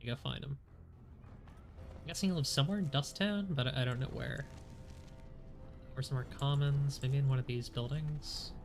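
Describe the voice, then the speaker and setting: A man's voice: mid-range voice, moderate pace, pauses often. A man streaming a game, congested, chatting casually and joking at his own expense. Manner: chatty, self-deprecating. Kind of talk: casual gameplay commentary. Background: game music.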